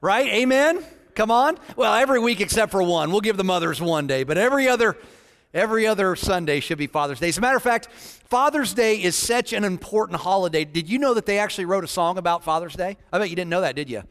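High-voiced preacher in a hall. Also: male voice, lively intonation, quick pace, a bit bright. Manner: preaching, jokes then earnest statistics. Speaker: pastor. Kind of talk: sermon.

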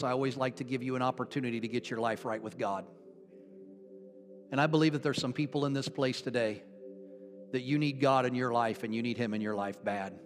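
A man preaching as a pastor, praying fervently and then gently leading an altar call and repeat-after-me prayer. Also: medium pitch. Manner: fervent praying voice that drops to soft, hushed invitation.

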